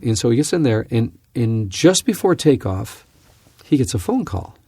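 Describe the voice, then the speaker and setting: A man teaching from scripture on a podcast, telling a personal story in an earnest, animated way. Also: mid-range voice, moderate pace, slightly rough, no room sound. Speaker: Bible teacher and podcast host.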